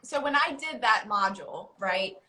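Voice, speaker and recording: Woman host, bright and earnest, casual live chat in a roomy space. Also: medium pitch, lively intonation, normal speed. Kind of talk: casual conversation on a live stream.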